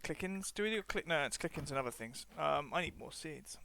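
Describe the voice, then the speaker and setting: Bright-voiced man muttering through a farming game. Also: fairly high pitch, lively intonation, a little fast, vocal fry, slight background noise. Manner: rambling, trailing off, muttering to himself. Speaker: streamer. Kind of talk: casual let's-play commentary. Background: soft game music.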